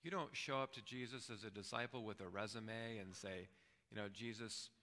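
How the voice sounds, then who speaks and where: A pastor preaches in an easy, conversational way and keeps checking in with the room. His low voice has a gravelly grain and a bright, forceful edge. The words ring out in a church hall with a long reverb tail. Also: fairly quick. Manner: conversational, often checks in with "right?". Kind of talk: sermon. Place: church sanctuary.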